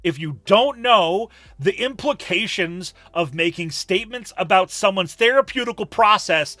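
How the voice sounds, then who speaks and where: A man's voice: high-pitched, expressive, moderate pace, hardly any pauses, pushed and bright, no room sound. A man chatting on a live stream, emphatic and profane, ranting and reading chat messages aloud.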